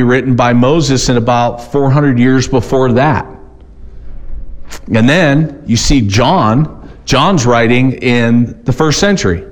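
In a mid-range voice, a man delivers a sermon: he reads scripture slowly, then unpacks it in everyday conversational talk, occasionally restarting his sentences.

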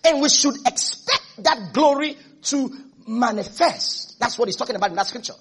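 A male pastor with a very high voice, preaching a sermon. He repeats his points with emphasis and keeps checking in with the congregation. His tone is husky and a little breathy. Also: lively intonation, normal speed, a bit bright.

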